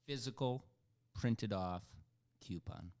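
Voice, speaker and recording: Low male voice for a podcast co-host; upbeat, casual chat. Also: slow, a little mellow. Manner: upbeat, pitching ideas.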